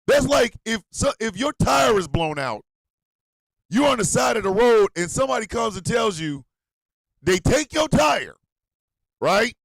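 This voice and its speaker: A man hosts an internet radio show in a heated, profane rant. His voice is gravelly and sits slightly high. The recording is close and dry. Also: big pitch swings, measured pace, long pauses, no echo. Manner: loud, heated, profane, swings between shouting and muttering. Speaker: host. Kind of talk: ranting commentary.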